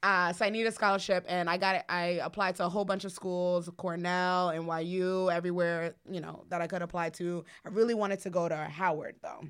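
A woman's voice: lowish voice, fairly even intonation, a little fast, few pauses, clean tone. A young woman from the Bronx with a New York accent, a podcast guest telling candid, profane stories in casual chat. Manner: candid, profane, storytelling with many "like"s.

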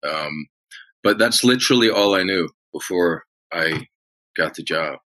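A man's voice: low voice, lively intonation, measured pace, bright, forceful tone, poor audio. A male actor guest on a podcast, chatting casually and telling rambling anecdotes.

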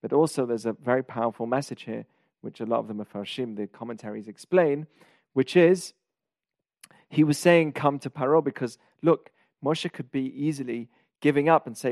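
A man at mid pitch talks through a weekly Torah portion in a relaxed, conversational teaching voice. He pauses to gloss Hebrew words and poses rhetorical questions to his listeners. The sound is close and dry, with no room around it. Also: no room sound. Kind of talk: casual spoken Torah lesson.

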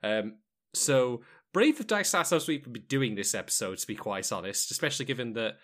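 A man's voice: mid-range voice, animated, fairly quick, fairly bright tone. A man hosting a podcast in casual chat, who rambles with wry jokes and asides. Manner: rambling, wry and joking, many fillers and asides. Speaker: podcast host.

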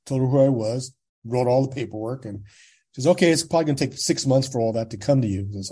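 A husky-voiced man in his sixties from California, settling into a long casual story. His voice sits on the dark, mellow side. He talks plainly and jumps into other people's voices when he quotes them. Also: medium pitch, fast talker. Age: 60s. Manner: animated storyteller, acts out quoted dialogue. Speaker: guest.

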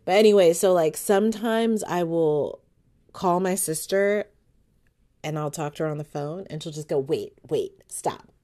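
A woman's voice: fairly low pitch, normal speed, warm tone. A woman hosting her podcast, rambling and swearing freely in a casual monologue. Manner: profane, rambling, chatty. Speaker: podcast host.

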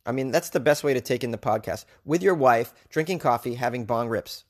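A man's voice: mid-range voice, brisk. A man hosting his own podcast, a stand-up comic chatting casually and jokingly, rambling with lots of fillers. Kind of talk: casual solo podcast chat.

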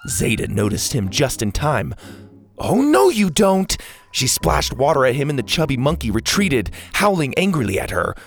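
A man narrating a kids' adventure story in an expressive, animated storytelling manner. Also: medium pitch, moderate pace, few pauses, faint music behind.

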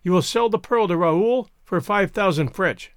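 A man voicing an excitable island wife in a storybook reading, shrill and commanding. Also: normal speed, clear, resonant tone, no echo, clean studio sound, natural voice. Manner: shrill, shaking.

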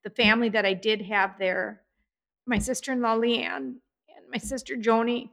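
Bright-voiced chatty mother. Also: on the high side, fairly even intonation, normal speed. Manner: emotional, chatty storytelling. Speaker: podcast co-host, mother of the bride. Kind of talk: casual chat. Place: apartment.

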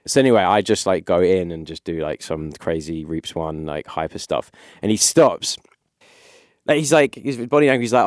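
Laid-back man with a low voice. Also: moderate pace, dry recording, studio quality. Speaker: beatboxer interviewee. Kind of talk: casual storytelling.

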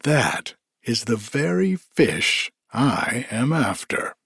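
A man's voice: mid-range voice, sing-song, slow pace, gravelly, a bit bright, husky, no room sound, clean studio sound, exaggerated voice. A man voicing a bold, cheerful male god who teases his companion in a storybook reading. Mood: teasing. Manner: cheerful and teasing.

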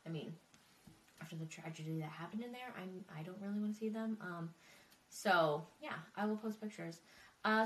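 A woman with a medium-pitched, slightly bright voice is recorded from a distance on a desk microphone, with a roomy sound. Hosting a true crime podcast, she chats casually, swears often and gets emotional and tearful in asides.

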